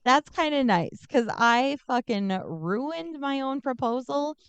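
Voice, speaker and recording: Animated, swearing woman podcast host. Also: high-pitched, slow, clear, resonant tone, no echo. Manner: animated storyteller who swears casually. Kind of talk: casual chat.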